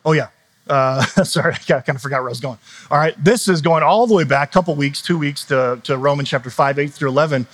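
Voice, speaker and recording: A man's voice: on the high side, brisk, fairly bright tone. A man in his thirties preaching in a church, telling stories in a loose, conversational way with laughs and asides. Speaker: pastor. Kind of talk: sermon.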